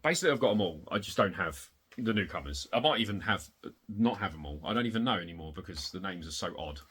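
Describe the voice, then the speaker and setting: A man showing off his retro game collection in a casual, rambling way, excitable and swearing, getting worked up in rants, hot and sweaty. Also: quick pace, noisy background. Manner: excitable, swearing, rants with big pitch jumps. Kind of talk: casual rambling show-and-tell.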